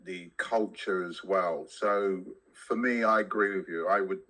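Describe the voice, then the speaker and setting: A man's voice: sits low, pushed and bright, low-quality recording. A man on a podcast chatting casually and jokily, often stopping and restarting his sentences. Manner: halting, restarts often, jokey. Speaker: podcast co-host.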